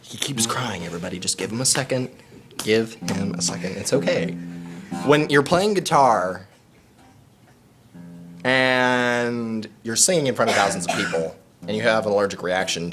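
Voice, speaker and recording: Giggly man hosting a fake show. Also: fairly low pitch. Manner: silly, giggly, rambling announcer voice. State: keeps sneezing. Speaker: mock show host. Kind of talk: goofy improvised chat.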